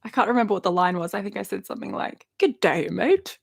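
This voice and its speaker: Gravelly-voiced woman chatting. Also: mid-range voice, steady tone, racing. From Australia. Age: 30s. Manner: chatty and rambling, laughs often, many fillers. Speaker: YouTuber hosting a live stream. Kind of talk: casual live stream chat, reading viewer questions. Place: at home in her bedroom.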